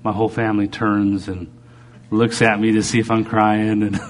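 A middle-aged man preacher giving a halting, earnest personal testimony during a sermon while recovering from a stroke. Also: fairly low pitch, flat delivery. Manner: earnest, halting, with frequent restarts.

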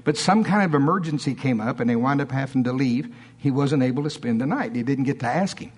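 A man preaching a storytelling sermon in a conversational, animated way, often asking the audience questions. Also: medium pitch, brisk, husky.

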